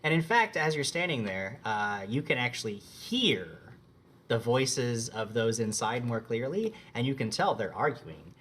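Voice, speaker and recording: A man's voice: mid-range voice, measured pace, slight background noise. A man narrating as game master for a tabletop game, talking loosely with many fillers. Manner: relaxed, chatty, with many fillers.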